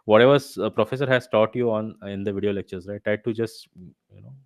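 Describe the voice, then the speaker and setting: A man's voice: on the low side, steady tone, fast, smooth, no echo. A man teaching a live online revision session, explaining step by step and checking with his students as he goes. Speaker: instructor. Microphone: video call.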